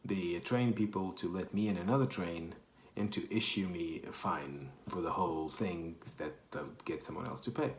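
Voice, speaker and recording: A man's voice: sits low, moderate pace, few pauses. A man from Portugal with a Portuguese accent, telling a rambling, self-correcting story in casual chat. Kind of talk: casual anecdote. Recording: echoey room.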